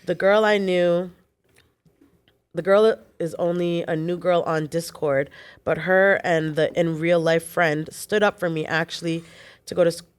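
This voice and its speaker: A woman co-hosting a chat show, reading a listener's post aloud with quick casual asides. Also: fairly low pitch, fairly even intonation, clear, resonant tone.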